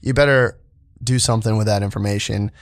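A man hosting a casual radio chat, halting and self-mocking with many restarts. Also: on the low side, steady tone, no echo, studio quality. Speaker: podcast host. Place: radio studio.

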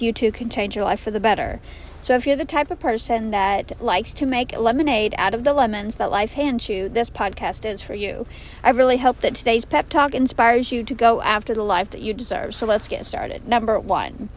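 A woman's voice: fairly high pitch, poor audio. Upbeat woman podcaster talking in a car. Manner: upbeat, chatty, many fillers like "so" and "um". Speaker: podcast host. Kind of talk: casual motivational pep talk. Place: inside a parked car in the rain.

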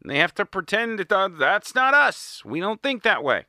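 A man's voice: high-pitched, big pitch swings, normal speed, pushed and bright, no echo. A man giving an indignant, sarcastic political monologue as host, recorded in a small studio. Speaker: political commentator. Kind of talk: opinionated monologue.

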